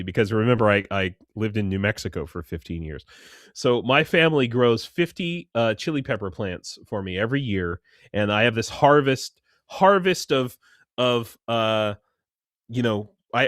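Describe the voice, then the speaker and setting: A man in casual video-call chat, telling stories in a rambling, animated way with frequent restarts. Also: medium pitch, no room sound, studio quality. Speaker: guest, foreign soldier serving in Ukraine.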